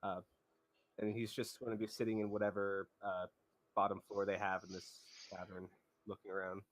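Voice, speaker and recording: A man's voice: lowish voice, flat delivery, normal speed, no room sound. A man playing a tabletop game over voice chat, talking casually with some fillers. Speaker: player.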